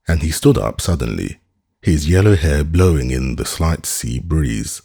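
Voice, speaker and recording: Husky, deep-voiced male narrator for a classic audiobook, expressive and lively in pitch. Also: unhurried. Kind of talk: scripted narration.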